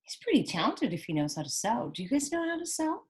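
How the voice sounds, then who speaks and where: Animated woman teacher reading aloud. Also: a little high, fast, husky. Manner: animated, asks children questions. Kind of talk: reading a picture book aloud to children.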